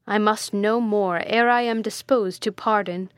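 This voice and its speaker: A woman reading the part of a stern, proud male prince, delivering his lines with forceful declamation. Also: mid-range voice, fairly even intonation, a little slow, no room sound, close to an everyday voice.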